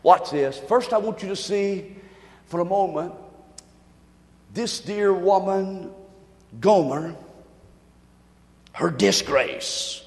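A man preaching a sermon in call-and-response style, swinging from quiet murmurs to shouts, in an echoey hall. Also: high-pitched, slow, pauses often.

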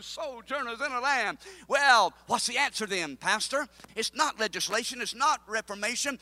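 A pastor preaching a sermon, urging his congregation on, swinging between quiet asides and near-shouted calls. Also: sits high, animated, normal speed, few pauses, dry recording. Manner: impassioned preaching, rising to a near-shout, with call-and-response.

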